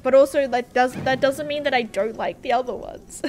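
A woman's voice: sits high, moderate pace, darkish tone, soft background music. A young Australian woman chatting casually on a game livestream, rambling and giggling as she reads viewer comments aloud. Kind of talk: casual livestream chat while gaming.

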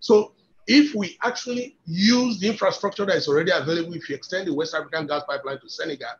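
Nigerian man pressing his case on a webinar, bit of a high voice, keeps repeating himself for emphasis, muffled lo-fi call sound. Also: quick pace. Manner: emphatic, persuasive, repeats words while building points. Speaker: industry guest speaker. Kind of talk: webinar talk. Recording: dull lo-fi webinar audio.

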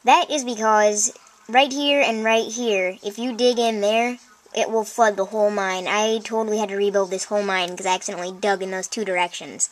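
A woman commenting on her own video game play, chatty and easily excited, often breaking into exclamations and talking straight to her viewers. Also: medium pitch, brisk. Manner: chatty, addresses viewers directly. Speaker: let's play host. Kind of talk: gameplay commentary.

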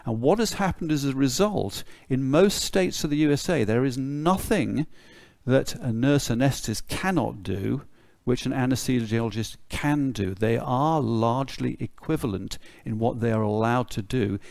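A man's voice: medium pitch, moderate pace, vocal fry, a little mellow, no room sound, clean studio sound. A British man giving a conference lecture, with a wry, sardonic humour and blunt asides. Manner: blunt, mildly swearing asides.

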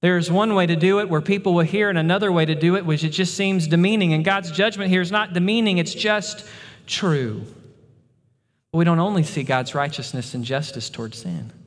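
Preaching in a church sanctuary, this pastor speaks a little fast in a high voice, hammering home points by repeating words. The long reverb of the hall trails after him.

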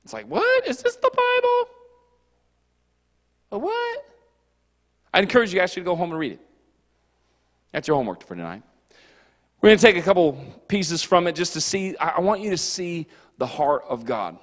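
Man, youth pastor, animated casual sermon, high voice, reverberant hall. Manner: animated, jokey, puts on quick character voices. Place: church hall.

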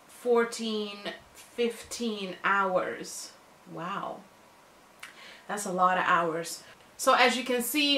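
A woman's voice: a little high, sharp tone. A woman chatting casually to camera as a beauty vlogger, informal and talkative. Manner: chatty, informal, addresses viewers as guys.

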